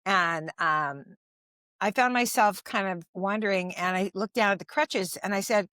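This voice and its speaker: Older woman, lively anecdotal comedian. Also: mid-range voice, a little slow, no room sound, clean studio sound. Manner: animated, laughing, self-deprecating anecdotes. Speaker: comedian guest. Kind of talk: conversational storytelling.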